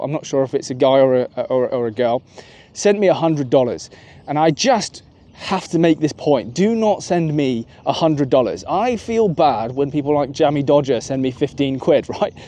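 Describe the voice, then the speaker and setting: A man's voice: medium pitch, dark tone. A man, giving chatty, opinionated political commentary while out walking his dog. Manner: opinionated, chatty, thinking aloud. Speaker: political vlogger. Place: outdoors on a walk with his dog.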